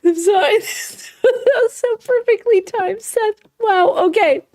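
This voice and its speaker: A woman's voice: very high-pitched, slow, a little mellow. A woman co-hosting a casual chat, giggly and laughing through her words, acting out silly quoted voices. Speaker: podcast co-host.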